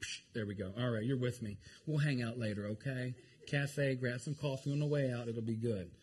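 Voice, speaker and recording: A man preaching a lively, joking sermon to his congregation. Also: mid-range voice, brisk, a little hiss or hum. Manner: animated, jokey, talks to the congregation. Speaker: pastor.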